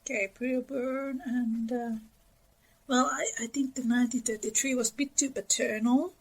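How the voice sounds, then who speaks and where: High-voiced woman discussing a novel. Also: steady tone, measured pace, husky, rough recording. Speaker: podcast co-host. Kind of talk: casual book discussion.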